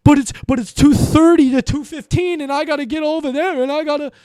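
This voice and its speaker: Man doing a panicked teammate, stammering, frantic, very high-pitched, dark tone. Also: fairly even intonation, a little fast, dry recording, studio quality. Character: panicked male teammate rushing on comms.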